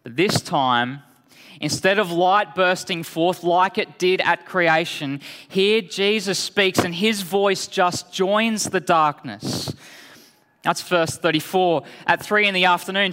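A man preaching a sermon in a slow, deliberate way, dropping low and quiet for solemn lines. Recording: long hall reverb.

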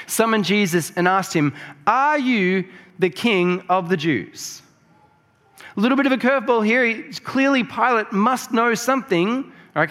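A man with a somewhat raised pitch delivers a sermon, unpacking scripture in a relaxed, conversational way that climbs to emphatic peaks. His voice rings through a large church hall with a long, lingering reverb. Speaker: preacher.

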